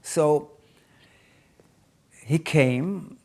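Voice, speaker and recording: An older man tells his life story in English, haltingly, with many restarts and phrasing. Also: on the high side, warm tone. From Israel. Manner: halting, non-native phrasing with frequent restarts. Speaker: interviewee.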